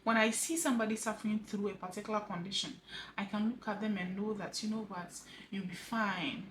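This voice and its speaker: A grieving widow talking earnestly to camera in a personal vlog, halting and repeating words, her voice dropping soft at the ends of phrases. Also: mid-range voice, fairly even intonation, noisy background. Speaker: vlogger sharing a personal story. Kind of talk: heartfelt personal vlog monologue.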